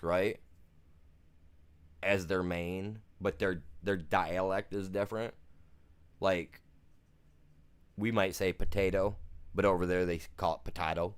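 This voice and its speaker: A man from the United States chatting casually on a game live stream, rambling through stories in a self-deprecating way. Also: low-pitched.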